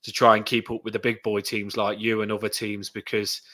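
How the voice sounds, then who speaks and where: A man's voice: on the low side, flat delivery, a little fast, fairly bright tone. A man, a guest talking earnestly and enthusiastically about football. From England. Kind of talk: casual conversation.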